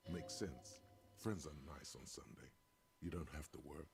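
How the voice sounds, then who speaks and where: An actor voicing a brooding male inner narrator in a game, with a deep gravelly voice and a wry, measured delivery. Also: exaggerated voice. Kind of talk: scripted narration.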